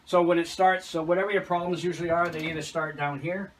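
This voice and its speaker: A man working as a chimney sweep, chatting casually and telling animated anecdotes while he explains the job, recorded from a distance with outdoor noise behind. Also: on the high side, quick pace.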